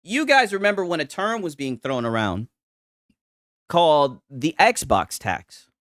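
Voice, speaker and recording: A young man hosting gaming reaction commentary, animated, profane and mocking. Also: a little high, a little slow, dry recording, studio quality.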